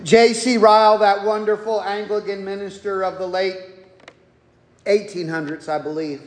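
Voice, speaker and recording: A man's voice: high voice, fairly even intonation, normal speed. A man preaching an expository sermon as a pastor, folksy and conversational with humorous asides. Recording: echoey hall with long reverb.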